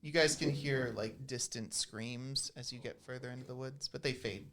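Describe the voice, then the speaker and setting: A man's voice: mid-range voice, steady tone, moderate pace, a bit bright, a little hiss or hum. A man running a tabletop game as game master, describing scenes in a descriptive way with many hesitant fillers.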